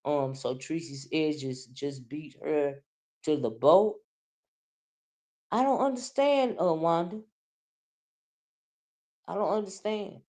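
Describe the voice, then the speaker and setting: A woman hosting a casual livestream. She teases loudly, sometimes sinking into low, quiet mutters and then bursting up into shouts. She talks straight to her viewers. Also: measured pace. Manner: loud, teasing, swings from low mutters to shouting. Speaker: livestream commentary host.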